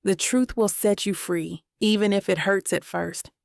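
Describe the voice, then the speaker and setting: A woman voicing a gentle but firm middle-aged mother in an audiobook, soft and earnest. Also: medium pitch, fairly even intonation, measured pace, creaky, no room sound, clean studio sound.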